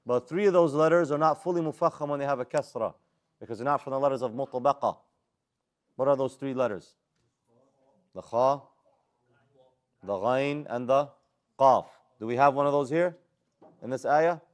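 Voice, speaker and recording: American man teaching a tajweed class, quizzing students and reciting Arabic letters, mid-pitched voice. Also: normal speed, long pauses. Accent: American English. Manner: drills students with call-and-response questions. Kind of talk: live classroom lesson.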